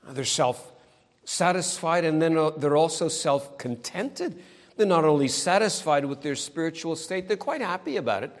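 A middle-aged male preacher delivers a sermon in a slightly higher-than-usual voice. He is emphatic and pointed, and he needles his listeners with sarcastic tag questions. A long reverb from a large hall trails after each phrase. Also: expressive, normal speed.

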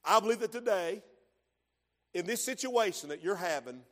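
A man preaching a sermon in church, swinging from hushed tones to shouting. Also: high voice, lively intonation, normal speed, pauses often. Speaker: pastor.

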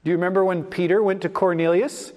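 A man's voice: high voice, flat delivery, fast, darkish tone. A man preaching a sermon, reading a Bible passage and then commenting on it in an emphatic, dramatic way. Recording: long hall reverb.

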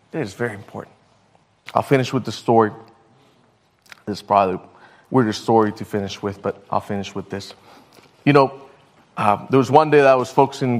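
A man preaching a sermon, telling a story and stumbling over his words now and then. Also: mid-range voice. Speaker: pastor.

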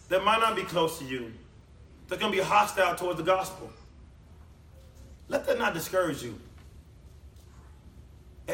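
A man preaching a sermon in a church hall, emphatic, swinging between loud declamation and low quiet passages. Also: far from the mic. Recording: echoey room, voice from off the mic.

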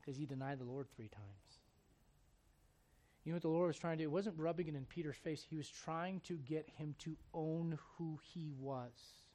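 A man preaching a sermon, his voice sitting a bit high for a man. He tells scripture stories in a casual, conversational way, speeding up and leaning in as the story builds. The delivery is a pastor speaking to his congregation. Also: normal speed, mellow.

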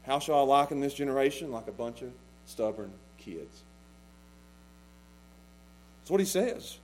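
A man preaching a sermon as pastor, passionate, swinging between loud pleading and hushed intensity. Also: medium pitch, animated, measured pace, long pauses, low-quality recording.

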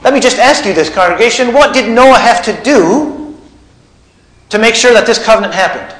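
A man's voice: very high-pitched, moderate pace, a bit bright, reverberant, poor audio. A man preaching a teaching sermon, putting questions to his congregation. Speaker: pastor. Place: church.

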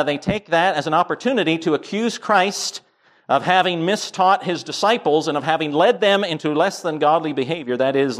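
A man's voice: a little high, fairly bright tone. A man preaching a sermon as pastor, earnest, building to emphatic points.

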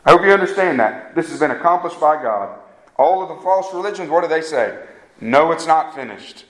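A man delivers a sermon in an earnest, emphatic way, circling back to repeat his main points. His voice sits a little higher than most men's. The room around him is echoey. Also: expressive, a little fast, a bit bright. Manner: earnest, emphatic preaching with repetitions. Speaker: pastor.

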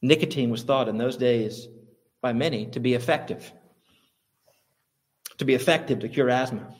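A man preaching a sermon, building to high, emphatic peaks and repeating phrases for stress. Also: normal speed. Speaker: pastor.

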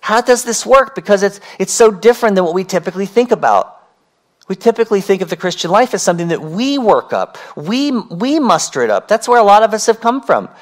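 A man preaching a sermon as pastor, earnest and emphatic, repeating key phrases and swinging between slow, drawn-out words and quick runs. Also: high-pitched, big pitch swings.

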